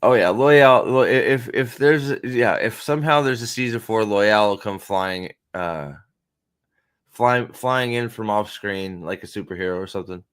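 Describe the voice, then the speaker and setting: A man's voice: on the low side, normal speed, smooth. Sarcastic rambling male host. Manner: rambling, profane and sarcastic, frequent restarts. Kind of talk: casual reaction commentary.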